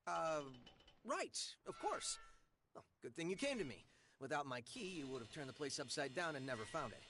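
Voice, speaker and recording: A man's voice: a little high, big pitch swings, moderate pace, noisy background. An actor playing a nervous, fussy male technician in a video game, talking in a hesitant way.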